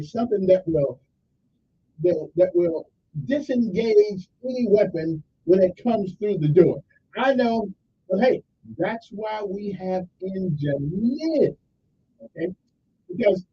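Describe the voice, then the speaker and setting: A man's voice: high-pitched, slightly rough, recorded from a distance, muffled recording. A man hosting a radio call-in show in casual talk, rambling and often checking in with "okay?". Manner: rambling, keeps asking "okay?".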